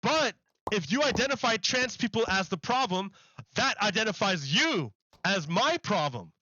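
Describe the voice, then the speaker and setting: A man on a gaming livestream with a fairly high, bright and forceful voice. He rambles loosely, stacking "like" between his thoughts. The stream audio sounds dull and lo-fi. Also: big pitch swings, moderate pace, no room sound. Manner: rambling, heavy use of "like". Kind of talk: casual livestream chat while gaming.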